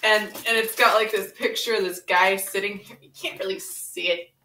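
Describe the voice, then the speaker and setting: A woman's voice: mid-range voice, fairly even intonation, moderate pace, bright, forceful tone, a little hiss or hum, lightly acted. A woman playing a brash, pun-loving young woman brawler in a comedic fan parody, teasing and impatient, reading a picture book aloud in a sing-song voice. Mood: playful. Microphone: camera mic set far away. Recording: roomy room, mic far away.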